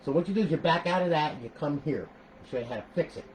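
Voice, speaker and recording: A man's voice: fairly high pitch, very fast, slight background noise, rough recording. Chatty man explaining console mods. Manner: chatty, repeats "okay?", animated outbursts. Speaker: console modder giving a tutorial. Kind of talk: casual screen-recorded tutorial.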